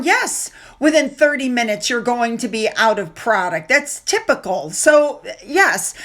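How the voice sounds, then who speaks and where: A woman's voice: high voice, a bit bright. A woman from the United States giving casual, opinionated commentary on royal gossip, sarcastic and blunt.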